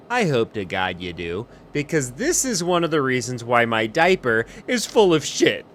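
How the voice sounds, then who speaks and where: A man hams it up as a jittery airline pilot, his voice swinging wildly up and down as he talks to imaginary passengers. He curses freely and drops from low mumbles into sudden yells, a comedic role-play through and through. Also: a little hiss or hum. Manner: panicky, profane, lurching between muttering and shouting. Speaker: flight sim streamer.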